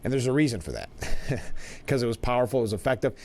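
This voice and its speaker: A man's voice: mid-range voice, lively intonation, fast talker. A man hosting a talk show, giving casual political commentary in a conversational way, with restarts and asides. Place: broadcast studio.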